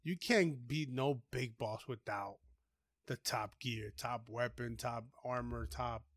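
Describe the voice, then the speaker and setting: A man's voice: mid-range voice, takes it slowly, a bit bright, dry recording, studio quality. A man co-hosting a podcast in casual chat, easygoing and full of filler words. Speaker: podcast co-host.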